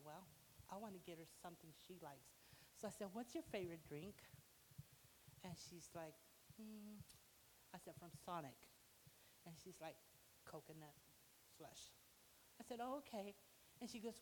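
A woman's voice: mid-range voice, a little mellow, long reverb tail, a little hiss or hum, low-quality recording. A woman sharing a personal church testimony and acting out the dialogue in her story. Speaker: church member giving testimony.

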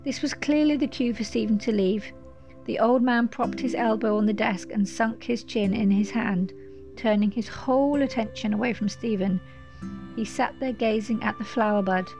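Woman storyteller, fairly high voice, measured expressive reading. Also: faint music behind.

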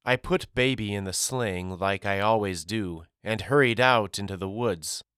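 A man narrating a novel as an audiobook, reading steadily with clear articulation on a close studio microphone. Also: on the low side, a little slow, fairly bright tone, no room sound. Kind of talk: scripted storybook narration.

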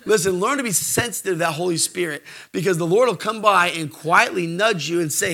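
Man, sermon, high pitch, bright tone, animated, middle-aged. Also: a little fast, creaky, few pauses. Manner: animated, swings from shouting to hushed and jokey. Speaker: preacher.

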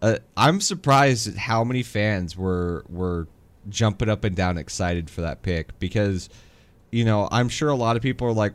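A man's voice: lowish voice, moderate pace, smooth. A man co-hosting a casual sports podcast, talking in an easygoing way with many uh and um fillers. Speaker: podcast co-host. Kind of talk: casual chat.

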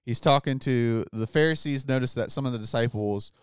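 Man, podcast host, casual Bible study talk, smooth clear voice, dry close sound. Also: medium pitch, a little fast, no room sound. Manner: relaxed, says "like" often, reads scripture aloud.

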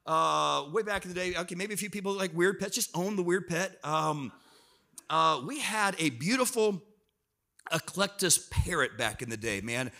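A middle-aged man preaching a sermon, telling personal stories in a lively way and acting out his family. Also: sits high, moderate pace, creaky. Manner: animated storyteller, acts out family members in raised voice. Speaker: pastor.

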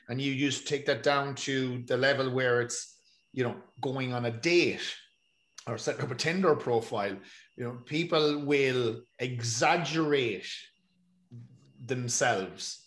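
Irish man talking loosely on a podcast, cursing often, slightly high voice, echoey room. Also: fairly bright tone. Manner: swears freely, rambling storyteller. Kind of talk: casual chat.

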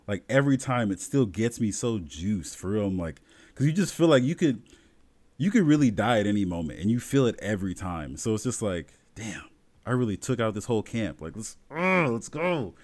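A young man talking casually and excitedly about a video game, full of fillers and restarts. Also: mid-range voice. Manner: excited, filler-heavy, rambling storytelling. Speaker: gamer friend in a podcast chat. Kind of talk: casual chat.

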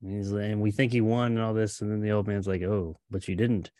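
A man's voice: lowish voice, level tone, fast talker, dark tone, clear, resonant tone, no echo. A man co-hosting a casual podcast, thinking aloud hesitantly with restarts. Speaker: podcast co-host.

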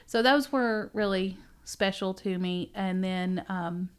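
A middle-aged woman, a bookstore owner, chatting casually as a podcast guest, animated and laughing often as she tells stories. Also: mid-range voice, slow pace, clean tone. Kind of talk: casual interview chat.

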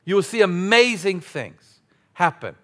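A male pastor preaching a sermon, playful and animated, with sudden loud exclamations. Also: high voice, unhurried.

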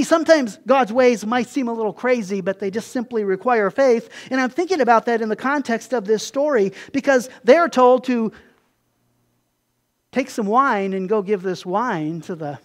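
A man preaching a sermon in a relaxed, conversational way, slipping into quick acted-out asides. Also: very high-pitched. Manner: conversational, acts out voices in quotes, animated asides. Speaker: pastor.

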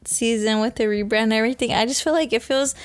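A woman's voice: a little high, steady tone, fast. Chatty young woman podcast host. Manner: chatty, storytelling, drops into Spanish. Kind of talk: casual chat.

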